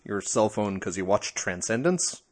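A man's voice: fairly low pitch, expressive, measured pace. A man co-hosting a casual podcast, trading dry, teasing banter. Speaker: podcast co-host.

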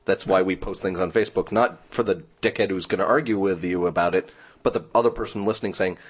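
A man's voice: deep voice, fast, breathy edge. A man co-hosting a casual podcast, chatty and emphatic, cursing casually. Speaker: podcast co-host. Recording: lo-fi podcast audio.

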